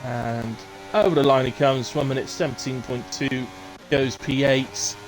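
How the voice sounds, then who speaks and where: A man's voice: mid-range voice, fairly even intonation, measured pace, slight background noise. A middle-aged man giving chatty live commentary on a sim race, with jokey asides.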